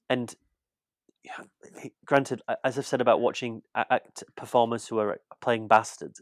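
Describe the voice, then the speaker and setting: A British man with a middle pitch in a relaxed podcast chat about film. He rambles and repeats words as he thinks aloud. The sound is close and dry, with no room around it. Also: no echo. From Britain. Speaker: podcast co-host, film critic. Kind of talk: casual chat.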